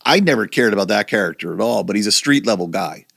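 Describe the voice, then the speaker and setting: A man's voice: lowish voice, lively intonation, quick pace, gravelly, fairly bright tone, dry recording, clean studio sound. A middle-aged man co-hosting a podcast in casual chat, talking in a chatty, meandering way and correcting himself as he goes. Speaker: podcast co-host.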